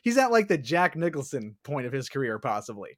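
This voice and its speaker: A man's voice: mid-range voice, sing-song, brisk, a bit bright. A man co-hosting a casual podcast, speaking in a laid-back, opinionated way with frequent fillers. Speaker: podcast co-host. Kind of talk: casual chat.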